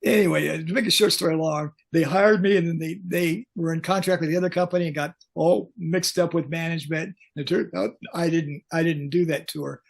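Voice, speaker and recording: An older man, a concert pyrotechnics veteran, telling lively backstage stories as a podcast guest and acting out the lines he quotes. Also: on the high side, a little fast, creaky, few pauses, breathy edge. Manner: animated anecdotes, acts out quoted lines. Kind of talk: storytelling in a podcast interview.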